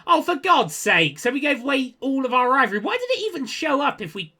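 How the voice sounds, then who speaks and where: A young man giving casual gameplay commentary, chatty and quick to get exasperated, with jokey asides. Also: extremely high pitch, sing-song, gravelly, pushed and bright. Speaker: gaming video creator.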